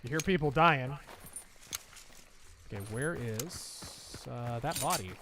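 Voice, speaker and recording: A man with a medium-pitched voice speaks slowly while live-streaming a shooter game, with noise in the background. Casual and blunt, he swears freely, laughs readily and responds to his viewers as he plays.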